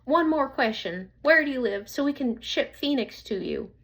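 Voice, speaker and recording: A polite Southern shop receptionist, put on by a woman reading a storybook, taking an order in a light accent. The voice climbs well above the narrator's own and stays brisk and businesslike. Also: high-pitched, expressive, voice pushed up.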